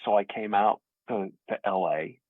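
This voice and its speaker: Low husky guy from staten island, rambling and self-deprecating, tinny dry call audio. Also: moderate pace, dry recording. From Staten Island, New York. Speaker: actor guest. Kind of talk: casual interview conversation.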